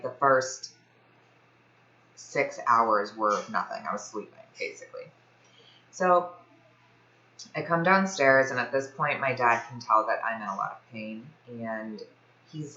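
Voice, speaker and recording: A young woman from Ohio chatting casually to camera, telling a personal story in a lively way, with lots of fillers. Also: a bass voice, roomy sound, muffled recording. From Ohio, USA. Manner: chatty, animated, many fillers like "like". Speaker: fitness vlogger.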